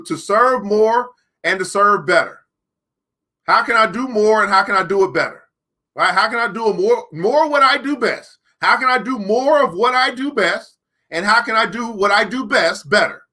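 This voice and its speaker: With a sharp tone and a voice that sits high, a man runs a live-streamed book club. He speaks emphatically, repeats key lines slowly, and jokes sarcastically between points.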